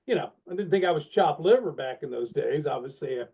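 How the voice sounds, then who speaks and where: A middle-aged man tells animated, self-deprecating stories in a relaxed podcast interview. His voice sits a little high for a man. The recording is dull and lo-fi, with the top end rolled off. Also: a little fast, creaky, breathy edge. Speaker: guest, longtime sales leader. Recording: dull, lo-fi sound.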